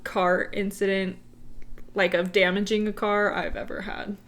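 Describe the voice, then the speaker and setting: A young woman co-hosting a podcast, telling stories in a relaxed way with lots of fillers. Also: mid-range voice, measured pace. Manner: relaxed, filler-heavy storytelling. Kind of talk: casual chat.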